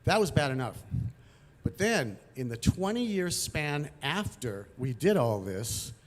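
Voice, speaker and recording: A man from Los Angeles telling a personal story on stage, vivid and animated, acting out the scenes. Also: fairly high pitch, slow pace.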